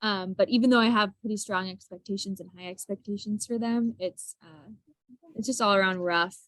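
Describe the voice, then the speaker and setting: A woman's voice: mid-range voice, fairly even intonation, brisk, a bit bright, no room sound, low-quality recording. Candid young woman teacher, dry sound. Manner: candid and self-deprecating, laughing often. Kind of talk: casual group discussion.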